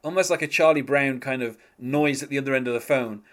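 A man's voice: mid-range voice, quick pace, a bit bright. A man chatting casually as a podcast host, rambling with many fillers and frequent chuckles. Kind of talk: casual music discussion.

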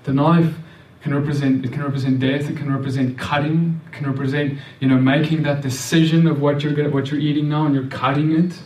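A man's voice: a little high, flat delivery, brisk, few pauses, darkish tone, recorded from a distance. A man preaching a sermon in an earnest, repetitive way, often restarting and stammering over words. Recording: echoey room, voice off-mic.

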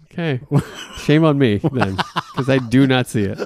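A man's voice: mid-range voice, lively intonation, normal speed, darkish tone. A man co-hosting a podcast in casual comedic chat, playfully teasing his co-host. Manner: playful teasing, sing-song bits.

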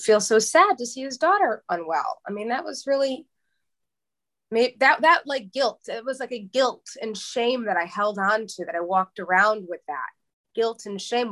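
A woman's voice: mid-range voice, fairly bright tone. A woman in her thirties from New York, speaking as an interview guest in a candid, emotional way, often restarting and repeating words as she searches for what to say. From New York, USA.

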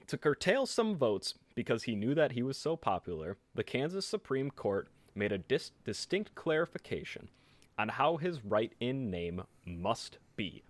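A man hosting a casual podcast, reading out a history story in an animated way. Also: no echo. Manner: animated storytelling with lively pitch. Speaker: podcast host.

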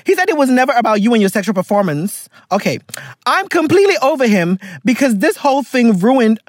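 Lively, laughing storytime vlogger. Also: mid-range voice, brisk, dry recording, clean studio sound. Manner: animated, laughs often, dramatic reactions; switches between reading aloud and commentary. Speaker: vlogger reading a viewer's letter. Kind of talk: casual storytime commentary.

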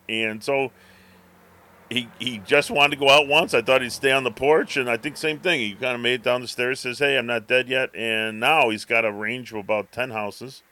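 A man's voice: medium pitch, sharp tone. A man co-hosting a podcast, telling a rambling story in casual chat and acting out his cat's thoughts. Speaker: podcast co-host.

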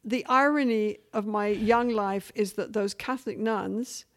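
A middle-aged English woman from England, chatting as a guest in an interview and telling stories with lively shifts of voice. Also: mid-range voice, unhurried. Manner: animated storytelling, shifting between voices. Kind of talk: casual interview chat.

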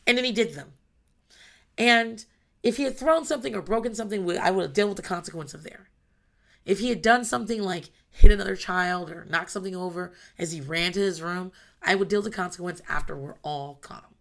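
A woman's voice: on the low side, fairly quick, gravelly. A mother in her thirties talking candidly about parenting, blunt and emphatic, swearing freely. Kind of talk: casual monologue.

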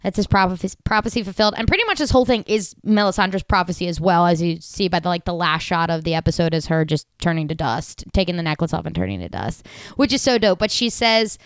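A woman's voice: on the low side, fast, clear, resonant tone, no room sound, clean studio sound. A young woman in her twenties co-hosting a podcast, gushing about a show in casual chat, full of "like". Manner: bubbly, gushing, heavy use of "like". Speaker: podcast co-host.

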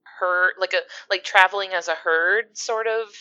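Giggly woman from the east coast, bright voice, kinda dull lo-fi mic, says like a lot. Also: medium pitch, steady tone, moderate pace, smooth. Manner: giggly, talks with many "like" fillers. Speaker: podcast co-host. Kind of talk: casual podcast chat. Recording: dull, lo-fi sound.

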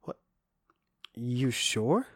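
A man hosting a comedic podcast, hoarse with his voice nearly gone, joking and self-mocking. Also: medium pitch, very animated, drawn-out words, fairly bright tone, no room sound, clean studio sound. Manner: jokey, playful, self-mocking. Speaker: podcast host.

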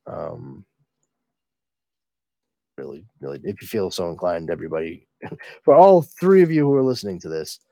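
A man's voice: low voice, animated, moderate pace, creaky, long pauses, dark tone, no echo. Guy recapping a comic on his podcast, rambly, swears a lot, uh and um everywhere, dry close sound. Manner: rambling, profane, many fillers. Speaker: podcast host reviewing comics.

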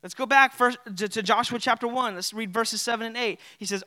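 A man preaches as a pastor at a moderate pace, barely pausing, his high voice bright and forceful with no echo. The conversational sermon is full of fillers such as "like" and "you know."

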